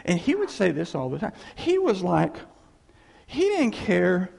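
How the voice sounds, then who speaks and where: A man preaching a sermon, telling stories in an animated way and acting out the voices of the people in them. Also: high-pitched, a little slow, creaky, slightly rough, big-room sound. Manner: animated storytelling, acting out quoted voices with laughs.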